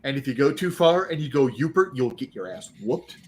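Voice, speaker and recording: A man of ordinary pitch spins a loose, rambling story, teasing as he goes. A faint hum sits in the background. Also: lively intonation, brisk, a little mellow. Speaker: co-host. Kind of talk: casual group chat.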